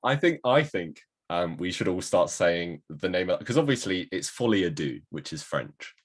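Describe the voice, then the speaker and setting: A male podcast co-host joking playfully in casual chat over a video call. His voice is very low and husky. His pitch moves up and down a lot. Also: sing-song, normal speed.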